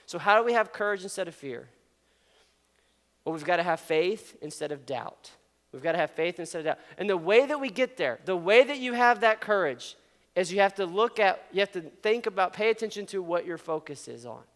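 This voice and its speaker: A man's voice: high voice, animated, fairly quick. A man giving a casual youth sermon, playful, often laughing and asking the audience questions. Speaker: youth pastor. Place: large hall with an audience. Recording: long hall reverb.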